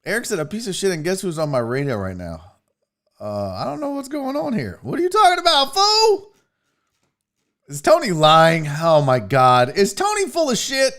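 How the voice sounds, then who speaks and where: A man's voice: sits high, normal speed. A man hosting a live sports stream, chatting casually and profanely with viewers, joking and telling stories about home. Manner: animated, profane, joking with chat. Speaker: host of a live sports show.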